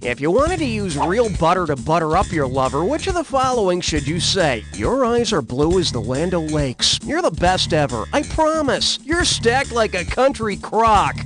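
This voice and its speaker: A man playing a brash, jokey game show host, hosting a comedy quiz with wisecracks. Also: high voice. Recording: game audio over loud music.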